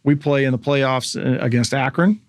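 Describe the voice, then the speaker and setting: Dry-voiced man telling a lively story. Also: medium pitch, moderate pace, no echo. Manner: animated storyteller, acts out quoted voices. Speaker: guest, former pro baseball pitcher. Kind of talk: casual storytelling interview.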